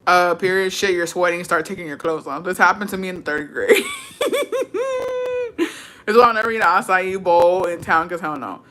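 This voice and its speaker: A woman's voice: lowish voice, moderate pace, pauses often, slight background noise. A woman livestreaming and reading viewer comments, telling stories in casual chat. She is brash and swears a lot, and she switches between English and Spanish. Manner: brash, profane, animated storytelling.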